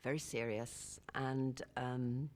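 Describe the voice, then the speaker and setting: Low-voiced actress, reflective. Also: female voice, fairly even intonation, takes it slowly. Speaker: actress interviewed.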